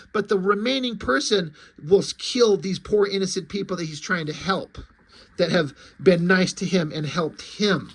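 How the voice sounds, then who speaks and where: A man's voice: sits high, creaky, fairly bright tone, husky. A man casually walking through a comic book, chatty and swearing freely.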